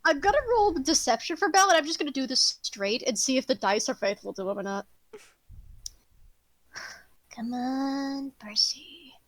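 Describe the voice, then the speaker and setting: A woman narrating a tabletop game as game master, animated, laughing and casual. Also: high-pitched, moderate pace, long pauses, dry recording, poor audio.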